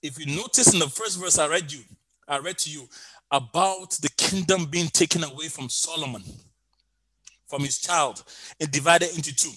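Emphatic bright-voiced male preacher. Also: a little high, moderate pace, husky, no room sound, poor audio. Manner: emphatic, repeats key phrases, sings out some lines. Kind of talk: sermon.

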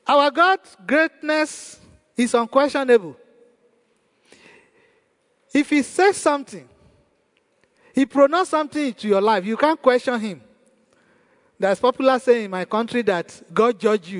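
A man's voice: extremely high pitch, measured pace, pauses often. A male pastor preaching a sermon in a church hall, emphatic and repeating his key phrases. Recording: long church hall reverb.

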